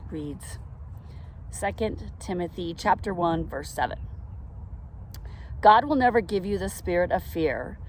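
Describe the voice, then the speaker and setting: Middle-aged woman, earnest reflective vlogger, unhurried delivery, slightly low voice, faint outdoor hum behind. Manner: earnest, reflective, with soft laughs. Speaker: vlogger telling a faith story. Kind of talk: casual personal storytelling. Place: outdoors in a park.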